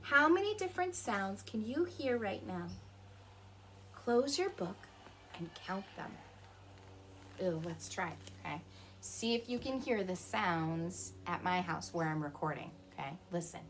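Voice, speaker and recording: Lively woman reading aloud to kids. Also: medium pitch, a little slow, slight background noise. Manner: animated, gently questioning, imitates animal sounds. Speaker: children's teacher reading a picture book. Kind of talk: storybook read-aloud for young children. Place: her home.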